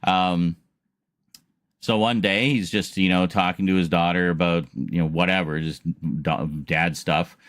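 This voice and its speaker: Deep-voiced man, rambling casual chat. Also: steady tone, a little slow, a bit bright, no room sound, clean studio sound. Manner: rambling storytelling with frequent laughs and restarts. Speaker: streamer.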